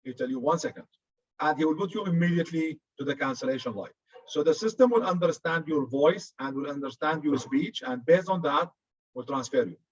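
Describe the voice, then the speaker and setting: Arabic-accented guy lecturing, kinda high voice, jokey, dull lo-fi recording. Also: brisk. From Arab region. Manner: chatty, joking, says "good" often. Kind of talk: classroom lecture.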